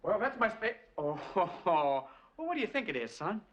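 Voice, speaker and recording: A man's voice: sits high, very animated, normal speed, highs cut off, a little hiss or hum. A jokey alien father, chuckling slyly with a bouncy, rising and falling voice. He sounds a little off-mic, as in an old sitcom clip. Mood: evasive, amused. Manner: chuckling, sly. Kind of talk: 1970s sitcom acting.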